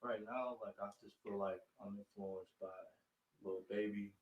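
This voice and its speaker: A man's voice: lowish voice, steady tone, normal speed, roomy sound, highs cut off. A young man talking casually as a guest in an interview, laid-back and peppering his talk with "you feel me". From northern Illinois. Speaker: guest rapper.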